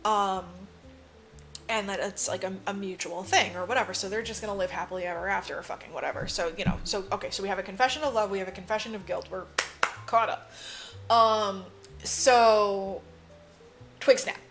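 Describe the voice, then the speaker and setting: Woman, podcast co-host, casual movie recap, bright voice, mid pitch, acts out character lines, swears freely, faint music behind. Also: brisk. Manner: animated storyteller acting out characters' lines; swears freely, lots of "like" fillers.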